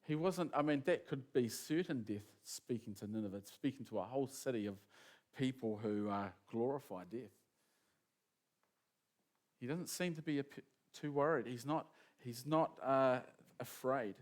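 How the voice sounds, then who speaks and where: A man preaching a sermon in a casual, animated storytelling manner, acting out quotes as he goes. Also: medium pitch, normal speed.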